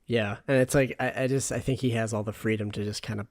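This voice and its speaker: A young man co-hosting a podcast, talking in a relaxed, reflective way with hesitant restarts. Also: medium pitch, fast. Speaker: podcast co-host. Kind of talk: casual chat.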